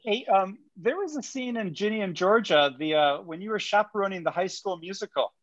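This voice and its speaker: A woman's voice: medium pitch, expressive, no echo. A woman hosting a casual interview, reacting eagerly and chatting about her own experiences. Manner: enthusiastic, quick reactions. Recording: dry, dull lo-fi sound.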